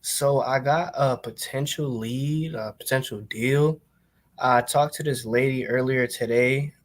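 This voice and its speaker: A man, a student on a coaching call, describing a deal in a measured way. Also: medium pitch. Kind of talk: casual deal discussion.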